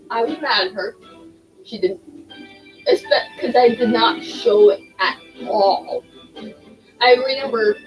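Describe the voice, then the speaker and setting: Woman, casual game commentary, slow rambling talk, game music behind. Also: on the high side, low-quality recording. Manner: chatty, rambling, self-deprecating. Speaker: gaming streamer. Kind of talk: casual let's-play commentary.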